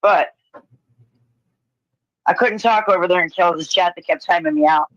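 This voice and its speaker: A woman's voice: fairly low pitch, moderate pace, no echo. A woman co-hosting a casual livestream chat, blunt and profane, teasing her co-host. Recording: dull lo-fi stream audio.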